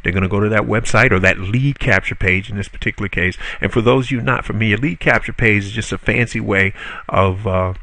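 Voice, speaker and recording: Gravelly-voiced man teaching marketing. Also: lowish voice, brisk, pushed and bright, dry recording. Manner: conversational, frequent "uh" fillers and self-corrections; salesy, rhetorical questions to the viewer. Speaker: online marketing instructor. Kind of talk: spoken video tutorial.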